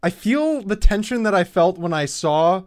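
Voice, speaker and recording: A man's voice: sits high, lively intonation, normal speed. Easygoing male podcast host. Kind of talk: casual podcast chat.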